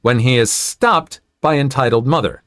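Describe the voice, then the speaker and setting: A man reading online stories aloud in an expressive way, adding sympathetic comments of his own. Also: medium pitch, normal speed, dry recording, clean studio sound. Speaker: story narrator.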